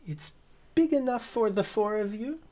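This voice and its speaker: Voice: medium pitch, expressive, normal speed, darkish tone, voice pushed up, lightly acted. A game master voicing a greedy male dock merchant who stammers and wheedles while haggling in a tabletop game. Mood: evasive. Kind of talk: tabletop role-play character voice.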